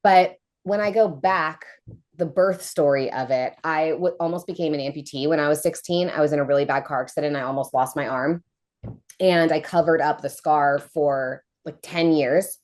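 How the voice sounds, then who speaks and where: A woman in her thirties tells a personal story as a podcast guest. Her voice sits low, and she talks in a casual, animated way, jumping up in pitch to act out what other people said. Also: normal speed. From United States. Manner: animated, acts out quoted voices.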